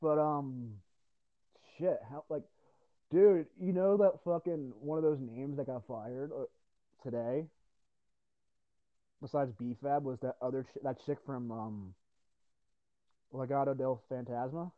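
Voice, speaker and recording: A man's voice: mid-range voice, takes it slowly, long pauses, no room sound. A young man from New Jersey, chatting casually on a podcast, swearing a lot and laughing through his rants. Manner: profane, laughing, ranting. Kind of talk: casual chat. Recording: dull lo-fi dry sound.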